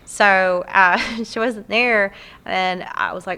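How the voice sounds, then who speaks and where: A woman's voice: mid-range voice, unhurried, clean tone. A woman in her thirties with a Southern US accent, chatting as a podcast guest and telling long, rambling stories. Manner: rambling, animated storyteller. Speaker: guest, community theatre actor. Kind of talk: casual podcast chat.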